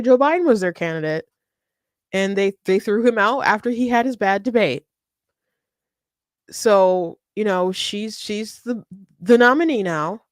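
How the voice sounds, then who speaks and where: A woman's voice: mid-range voice, dry recording, studio quality. A woman hosting casual political commentary, chatty and scornful, with frequent laughs, fillers and restarts. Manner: scornful, sarcastic.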